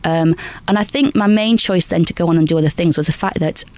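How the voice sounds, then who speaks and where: A woman in her forties from Lancashire, England, telling lively stories in an interview as a guest actress, often restarting sentences. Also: lowish voice, quick pace, dry recording. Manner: lively anecdotal storytelling, frequent restarts and small laughs. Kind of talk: chatty interview answers.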